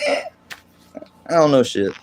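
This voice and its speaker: A man's voice: medium pitch, expressive, unhurried. A man hosting a livestream, ranting in a casual, profane, exasperated way and rambling as he talks to his chat. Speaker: livestream host.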